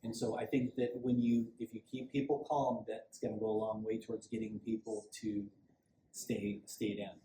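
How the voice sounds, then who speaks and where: A man's voice: on the low side, flat delivery, moderate pace, dark tone. Plainspoken man police officer, echoey room. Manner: conversational, rambling, with repeated restarts. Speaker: police sergeant giving safety training. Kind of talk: casual spoken safety talk. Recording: echoey room, faint background hum.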